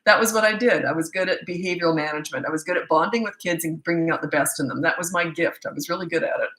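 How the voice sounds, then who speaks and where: An older woman, a parenting coach, answering viewer questions in a quick, chatty live-stream Q&A from a phone. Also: fairly low pitch, fairly bright tone. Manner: fast-talking, chatty. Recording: echoey room.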